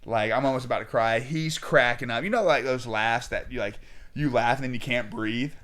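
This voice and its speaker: A young man casually telling a story as a podcast guest, animated and acting out both sides of the talk. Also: mid-range voice, normal speed.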